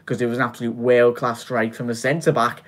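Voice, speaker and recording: A man's voice: medium pitch, level tone, quick pace. A young man hosting a casual football match reaction vlog, chatty and full of fillers and restarts. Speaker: fan channel host.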